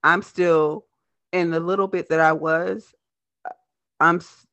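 A woman podcast host with a lisp, talking fast in casual, animated chat. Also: lowish voice, dry recording, dull audio. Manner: talks fast, animated and laughing.

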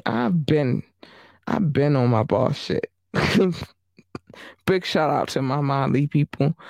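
A man giving a casual vlog monologue, animated and emphatic, often repeating himself. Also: on the high side, dry recording, clean studio sound.

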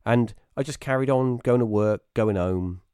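Talking at a moderate pace with a mellow, clean tone, this British man is a live-stream guest casually recounting rambling personal anecdotes. Restarts come often, and quoted voices pop out in a sudden high pitch. The audio is dry and studio quality.

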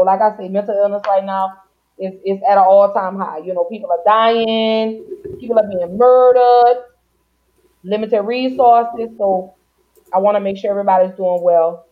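A woman from Louisiana hosting a podcast in casual chat, playful and warm-hearted, singing out her greetings. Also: medium pitch. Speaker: podcast host. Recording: dull lo-fi sound.

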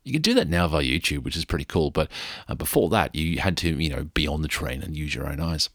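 Middle-aged aussie guy telling a rambly story, husky voice, dry close sound, goofy and self-mocking. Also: very deep voice, lively intonation, quick pace, dry recording. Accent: Australian. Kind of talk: casual storytelling monologue.

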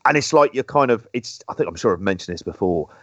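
A man's voice: on the low side, lively intonation, fast, a bit bright, dry recording, highs cut off. A man with a London accent, co-hosting a podcast in rambling casual chat and swearing now and then. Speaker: podcast co-host.

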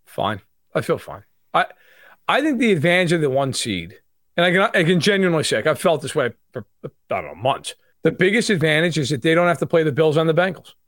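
A man with a New York accent talks fast and animatedly, his pitch jumping around as he riffs on football and road trips. The sound is dry and close. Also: no room sound. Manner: fast, animated, self-deprecating banter. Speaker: sports analyst guest. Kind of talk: casual sports talk.

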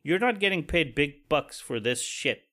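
A man's voice: fairly high pitch, expressive, unhurried, sharp tone. A man hosting a solo podcast, venting about work in an angry, profane, pessimistic way. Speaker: podcast host. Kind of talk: casual solo podcast rant.

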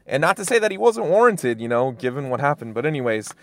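A man's voice: medium pitch, big pitch swings, fast talker, no echo. A young man from Fresno, California, telling a personal story in casual talk, full of fillers and restarts. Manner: rambling, many fillers and restarts. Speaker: guest storyteller.

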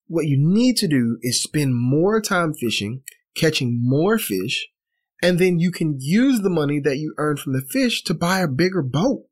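An eager, pushy businessman with a fairly high voice, pitching big plans like a salesman, as a man puts him on in a story. The delivery is quick and persuasive. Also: very animated.

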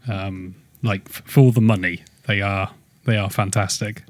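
A man co-hosting a casual podcast, joking around and getting animated when excited. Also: a little slow, no echo. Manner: jokey, animated, rising pitch when excited. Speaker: podcast host.

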